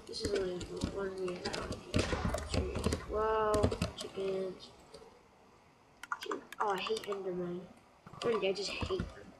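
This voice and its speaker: A woman's voice: medium pitch, level tone, a little slow, pauses often, very noisy. A woman giving casual let's-play commentary, chatty and bursting into frustrated shrieks. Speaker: gameplay commentator. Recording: loud keyboard clatter. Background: keyboard typing clicks.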